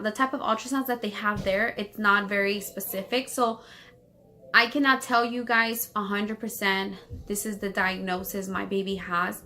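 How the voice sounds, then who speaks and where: A woman from Los Angeles telling a personal story on her vlog, rambling fast with many fillers and restarts while holding back tears. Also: medium pitch, bright, forceful tone, slight background noise. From Los Angeles, United States. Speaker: vlogger.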